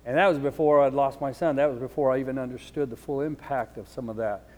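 Man, middle-aged pastor, earnest sermon, goes quiet and low for grief, long church reverb. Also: fairly even intonation, fast. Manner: earnest storytelling, drops low and soft for grief.

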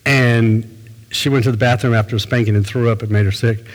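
A man's voice: on the low side, steady tone, brisk, big-room sound, poor audio. An older man, a pastor, preaching a sermon in a folksy, conversational storytelling way.

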